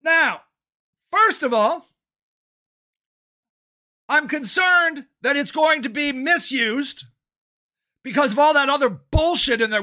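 Older guy, furious profane rant, high strained sharp tone. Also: slow, long pauses. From Ohio, United States. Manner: profane, shouting and agitated. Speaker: city council candidate and activist. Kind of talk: angry monologue rant.

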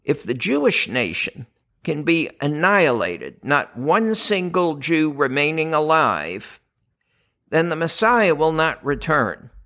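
Slow, emphatic older American male preacher. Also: on the high side, big pitch swings, a bit bright. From United States. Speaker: podcast host, doctor. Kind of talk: scripted religious podcast talk.

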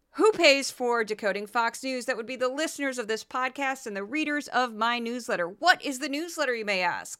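A woman from the Midwest hosts her own commentary podcast. She mocks and ribs her targets in a sarcastic running commentary. Her voice sits a bit high and comes across bright and crisply clear. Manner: sarcastic, mocking. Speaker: podcast host.

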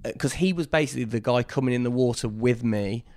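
A man, a guest in a casual interview, telling a story with lively quoted voices. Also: mid-range voice, fast.

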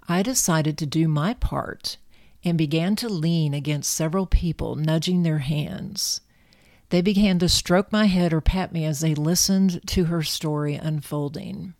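A woman narrating a storybook in a calm, measured, gentle way. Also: low voice, no echo, studio quality.

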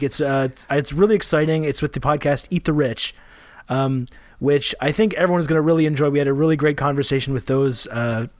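A man with a Canadian accent co-hosting a podcast, talking in a relaxed, rambling way with fillers and restarts. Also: a little high, dry recording. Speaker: podcast co-host. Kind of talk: casual podcast chat.

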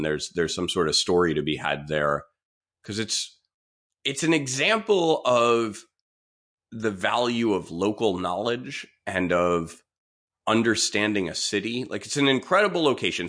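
Male podcast host from New York, storytelling monologue, animated, slips into voices for quotes. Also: on the low side. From New York City. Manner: chatty, animated, voices others in quoted asides. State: sick with Covid.

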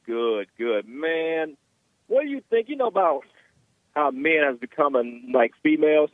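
A man's voice: on the high side, sing-song, measured pace, dry recording. A man calling in to a talk show, talking in a rambling way and filling his speech with filler words. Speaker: caller. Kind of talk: phone call to a talk show. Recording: tinny phone line.

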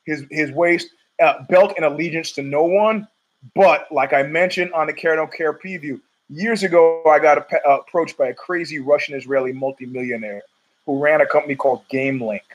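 A man's voice: on the high side, moderate pace, rough recording. A middle-aged man hosting a podcast, rambling through a profane, opinionated monologue full of restarts. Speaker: podcast host.

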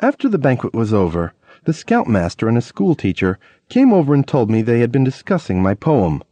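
A man narrating a memoir audiobook in a lively storytelling way, acting out quoted lines. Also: medium pitch, a little fast, dry recording. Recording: dull lo-fi audiobook recording.

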